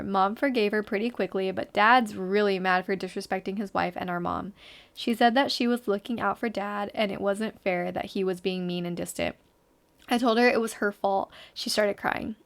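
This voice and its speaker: A woman in her twenties hosting a podcast, chatting casually and with animation as she reacts to a story, with her throat getting a little sore. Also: medium pitch. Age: 20s. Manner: chatty and animated, heavy use of "like" and "y'all". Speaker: podcast host.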